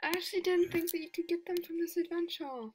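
A woman giving casual commentary over her gameplay, excitable and giggly, often dropping to a whisper. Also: extremely high pitch, quick pace, a little hiss or hum. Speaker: game video creator.

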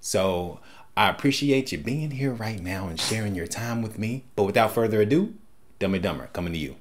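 A man's voice: on the low side, expressive, brisk. A man hosting a first-time movie reaction, making jokey, wisecracking asides. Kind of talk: casual reaction commentary.

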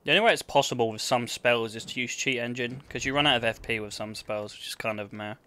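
A man's voice: medium pitch, quick pace, sharp tone, slight background noise. A man with an Essex accent giving blunt, casual commentary to his chat while he plays. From England. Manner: blunt, swearing banter with chat. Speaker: gaming streamer. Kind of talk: casual live-stream commentary.

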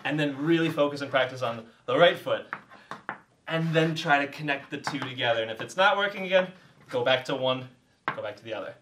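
A man's voice: mid-range voice, fairly quick, recorded from a distance, noisy background. A man teaching a dance step while demonstrating it, out of breath, encouraging and laughing often as he counts the beats. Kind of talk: casual tutorial while demonstrating steps.

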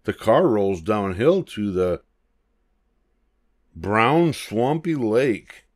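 Slow, lively older man reading aloud. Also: lowish voice, no echo. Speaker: storybook reader. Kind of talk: children's read-aloud.

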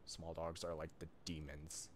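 A man casually commenting on his own horror gameplay, muttering to himself with sudden loud outbursts. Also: extremely low pitch, monotone, measured pace, a little hiss or hum. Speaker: streamer playing a horror game.

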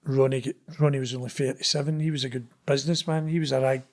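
A man with a Glaswegian Scottish accent tells a story in a loose, chatty way. He jumps into the voices of the people he quotes. His pitch sits in the middle for a man. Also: quick pace. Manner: animated, acts out quoted dialogue. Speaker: interview guest. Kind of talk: casual storytelling.

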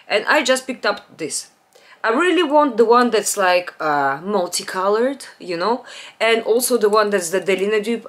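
A woman chats at home about her purchases, at a middle pitch. She rambles, restarts her sentences and often lets her voice drop to a low murmur. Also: a bit bright. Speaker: beauty vlogger. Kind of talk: casual perfume haul chat. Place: home, natural light.

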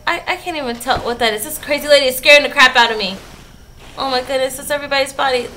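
A woman giving jumpy, talkative let's-play commentary, often yelling at the game. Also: on the high side, quick pace. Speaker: gaming YouTuber.

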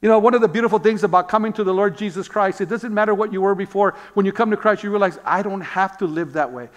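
A man's voice: high-pitched, steady tone, racing. A man preaching a sermon as pastor, telling stories, asking rhetorical questions and calling out amen. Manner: repeats words when searching for them.

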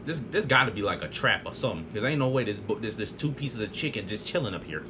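A young man commentating his own gameplay live, hyped up, shouting trash talk at opponents and laughing and joking to himself. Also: fairly low pitch, lively intonation, quick pace, few pauses, background noise. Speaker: gaming video creator. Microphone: desk mic with face cam. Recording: game sounds loud behind the voice.

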